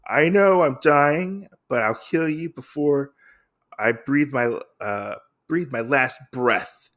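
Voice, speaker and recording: A man voicing a dying, vengeful noblewoman, speaking slowly and gravely in his own voice. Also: medium pitch, fairly bright tone. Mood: grim. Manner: slow and grave.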